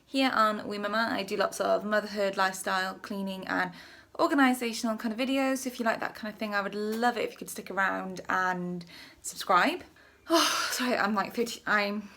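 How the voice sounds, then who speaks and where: Mum vlogging on a handheld cam, chatty and out of breath, bit of vocal fry. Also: female voice, mid-range voice, steady tone, a little fast, bright, forceful tone. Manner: chatty, friendly, rambling. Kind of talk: casual vlog chat to camera.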